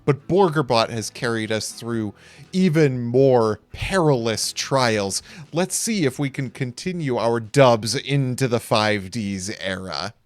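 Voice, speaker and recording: A young man giving playful, jokey play-by-play commentary on card game duels, with quick excited reactions. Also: medium pitch, no room sound, soft background music.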